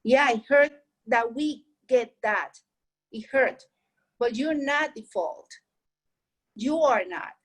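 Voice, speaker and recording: A woman's voice: fairly high pitch, slow, pauses often, fairly bright tone, rough recording. A woman whose first language is Spanish, giving heartfelt, earnest advice in a casual way and repeating her points to encourage the listener.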